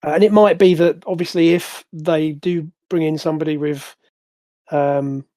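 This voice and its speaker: A man running a tabletop game as game master, narrating in a rambling, halting way full of restarts. His voice sits on the higher side. The sound is dry and close, with no room echo. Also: fairly even intonation, dark tone.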